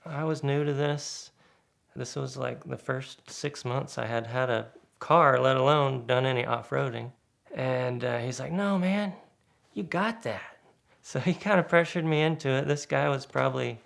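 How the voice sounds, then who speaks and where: A man with a gravelly, creaky edge to his voice tells a casual anecdote. His pitch sits in an ordinary middle range. He keeps the telling lively and acts out what other people said. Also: normal speed. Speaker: guest storyteller.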